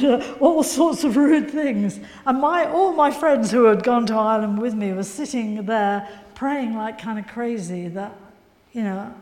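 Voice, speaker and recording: Loud woman preaching in echoey hall. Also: on the high side. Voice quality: loud, carrying voice. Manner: earnest storytelling, urgent exhortation. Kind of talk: testimony sermon. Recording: echoey hall, long reverb.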